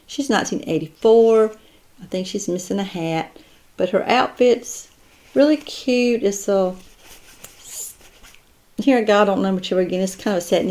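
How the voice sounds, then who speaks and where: A woman's voice: mid-range voice, a little mellow. A woman chatting casually as she shows off her doll collection, admiring each piece and thinking aloud. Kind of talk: casual unboxing chat.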